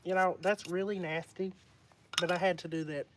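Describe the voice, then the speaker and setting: With a high, steady voice at a moderate pace, this man talks casually to his live-stream viewers and mutters to himself while fixing something. He records on a phone, and background noise comes through.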